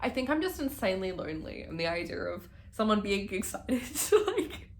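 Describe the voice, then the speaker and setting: A woman's voice: mid-range voice, sing-song, moderate pace. A young woman in her early twenties chatting casually in a reading vlog, gushing and swearing freely. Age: young adult. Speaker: book vlogger.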